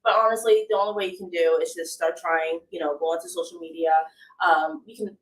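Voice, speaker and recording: A woman's voice: lowish voice, fairly even intonation, fairly quick. A woman voice actor talking casually in an interview, chatty and laughing often. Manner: chatty, laughs often, says "you know" a lot. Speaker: voice actor guest. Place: live event in a house. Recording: echoey room, distant mic.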